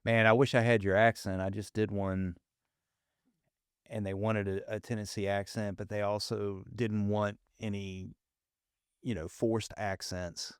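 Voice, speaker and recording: A podcast host with a faint Southern accent talks in an easygoing, anecdotal way. His voice is low and smooth, and the recording is dry and close. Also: flat delivery, a little slow, dry recording. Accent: faint Southern American. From Southern United States. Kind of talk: casual podcast conversation.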